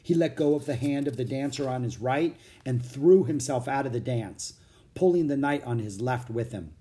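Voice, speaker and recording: Reading a children's audiobook aloud at a moderate pace, the male narrator brings lively, expressive storytelling to it in a medium-pitched voice.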